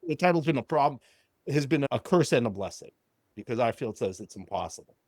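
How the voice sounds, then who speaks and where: An older man, a psychologist guest on a podcast, telling a client story and acting out the dialogue in animated quotes. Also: medium pitch, fairly quick, dry recording, studio quality.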